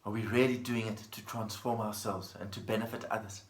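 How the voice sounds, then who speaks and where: Man giving a gentle dharma talk in an echoey room. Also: on the low side, little pitch movement, a little fast. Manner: gentle, storytelling with plain repetition. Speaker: Buddhist teacher.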